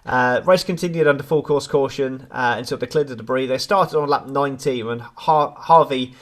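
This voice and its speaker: A man's voice: mid-range voice, moderate pace. A British man co-hosting a motorsport podcast, reading a race summary with joking asides. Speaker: podcast co-host. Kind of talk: casual race review chat.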